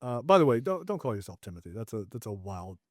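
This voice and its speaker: A man's voice: mid-range voice, very animated, fast talker, darkish tone, dry recording, studio quality. A man co-hosting a podcast, chatting casually about a film, joking and cursing, rambling with many restarts. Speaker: podcast co-host reviewing a film. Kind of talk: casual film review chat.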